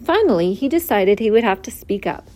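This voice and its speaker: A woman reading a children's book aloud, expressive and clear. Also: medium pitch, brisk. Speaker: storyteller.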